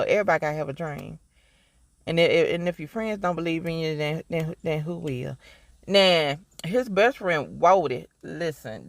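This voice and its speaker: A man with a Mississippi Southern accent talks through a TV episode in a loose, cussing, emphatic ramble. His voice sits high for a man. The sound is close and dry, with no room around it. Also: creaky, no room sound. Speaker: TV show reviewer. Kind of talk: casual review monologue.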